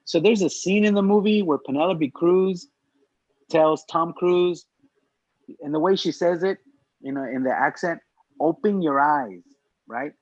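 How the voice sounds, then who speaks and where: A man on a podcast telling an animated, profane story in casual chat. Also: on the high side, a little slow, no echo. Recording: dry, slightly muffled lo-fi mic.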